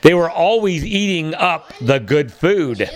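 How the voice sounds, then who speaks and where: A man reading a children's storybook aloud, unhurried, with small slips and restarts. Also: on the high side, expressive. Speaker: storybook reader.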